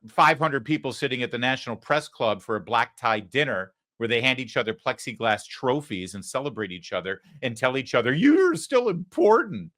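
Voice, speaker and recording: A man's voice: medium pitch, pushed and bright. A man hosting a political commentary show, talking in a sarcastic, mocking way. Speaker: host.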